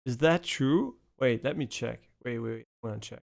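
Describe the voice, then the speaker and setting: Rambling gravelly game streamer man. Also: mid-range voice, moderate pace, a little mellow. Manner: rambling, swears, many fillers. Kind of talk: casual live stream chat.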